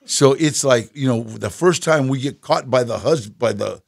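An older man in his seventies, a guest in a casual interview, telling stories with laughter and acted-out quotes in a husky voice. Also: mid-range voice, moderate pace, no echo, studio quality. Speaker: guest actor.

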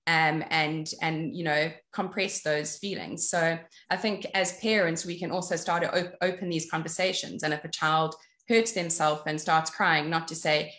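A woman's voice: low-pitched, steady tone, normal speed, a bit bright. A woman on a discussion panel, explaining her views earnestly in casual chat. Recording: echoey room.

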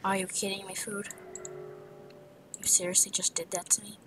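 A woman's voice: mid-range voice, level tone, moderate pace, noisy background. A woman narrating her own gameplay, muttering to herself in a half-whisper with frustrated outbursts. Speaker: gamer. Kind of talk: let's play commentary.

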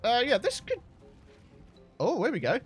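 A young British man giving excited, chatty let's play commentary as the host of a gaming channel. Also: very high voice, unhurried, soft background music. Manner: excitable, chatty, bursts into shouts and laughs.

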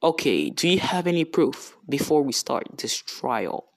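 A man's voice: on the high side, very animated, unhurried. A young man doing a blunt, baffled tall hero. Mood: bewildered. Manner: blunt, bewildered questions.

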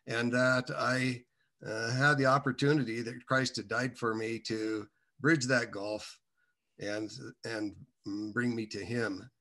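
A man sharing his personal faith testimony in a casual, halting way, with many restarts and side turns. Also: mid-range voice, little pitch movement, sharp tone.

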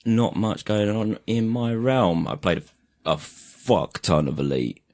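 A man's voice: fairly low pitch, expressive, unhurried, a little mellow. A young man from Kent co-hosting a podcast, chatting casually with a self-mocking, laughing manner. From Kent, England. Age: young adult. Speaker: podcast co-host. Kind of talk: casual chat.

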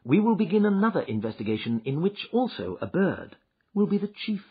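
A man voicing a calm, authoritative gentleman detective who speaks crisply and reflectively. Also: high voice, fairly quick, heavily acted. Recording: dull lo-fi recording.

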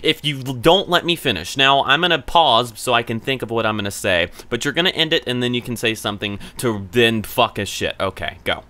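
A man's voice: mid-range voice, expressive, a little fast, few pauses, pushed and bright, clear, resonant tone. A man doing gameplay commentary, ranting at a chatbot in profane exasperation.

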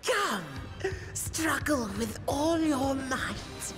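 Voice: sits high, animated, very slow, music in the background, heavily acted. An actor voicing a gloating archfiend boss who relishes devouring souls.

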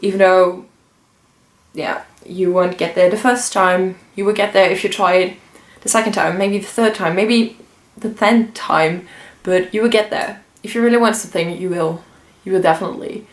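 A woman's voice: mid-range voice, fairly even intonation, moderate pace. Earnest young woman vlogging, roomy sound. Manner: emotional, earnest, many fillers and restarts. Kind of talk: personal vlog storytelling. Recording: roomy echo.

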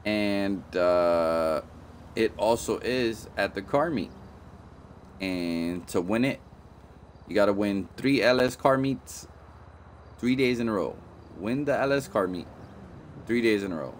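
Laid-back low-voiced male game streamer. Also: expressive, moderate pace, slight background noise. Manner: playful, slangy, often apologetic, repeats himself. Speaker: gaming streamer. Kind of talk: casual live-stream commentary.

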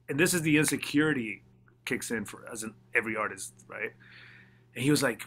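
A man, a mix engineer, telling studio stories in a casual interview, animated and swearing freely as he acts out what others said. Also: medium pitch, fairly quick, husky.

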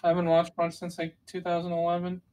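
Brief: woman with a lower voice, co-host who walks through game strategy in loose, meandering detail. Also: completely flat delivery, fast talker, dark tone, low-quality recording. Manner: rambling, detailed explainer with restarts. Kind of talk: casual gaming chat.

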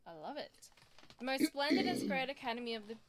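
A woman's voice: a little high, animated, fast talker, crowd noise. A woman chatting casually while playing a game with a friend, giggling and reading the game's lines aloud in playful voices. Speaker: let's play co-host. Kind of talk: casual gameplay chat, reading dialogue aloud.

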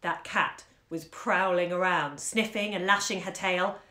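A woman hosting a bookshop series reads a short story aloud at home into a phone, animated and acting out the action. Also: on the low side, unhurried. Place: room at home. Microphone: phone on a live stream. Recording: roomy echo.

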